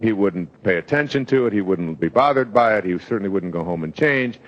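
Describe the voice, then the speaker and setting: A man's voice: on the low side, animated, fairly quick, dull audio. A man giving a live motivational talk, telling stories in a rambling way with fillers. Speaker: self-help speaker.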